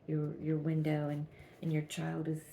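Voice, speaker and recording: A woman giving a channeled tarot reading, talking gently and haltingly with many restarts. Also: deep voice, completely flat delivery, vocal fry, slight background noise. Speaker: tarot reader.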